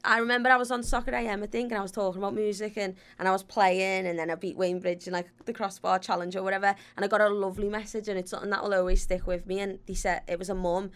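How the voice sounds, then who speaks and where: A woman in her twenties with a Liverpool accent, telling stories as a podcast guest in an animated, direct way with lots of fillers. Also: mid-range voice, rapid-fire, few pauses, clear, resonant tone. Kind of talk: casual chat.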